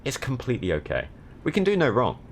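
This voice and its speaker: A man's voice: medium pitch, huge pitch swings, fast, gravelly, slight background noise. A young man from the south of England chatting casually while streaming a driving game, with dry, sardonic commentary. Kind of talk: casual gaming stream chat.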